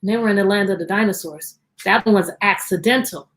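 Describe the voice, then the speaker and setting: A woman's voice: mid-range voice, quick pace. A woman teacher hosting a live-streamed storytime from her computer at home, cheerfully greeting children by name.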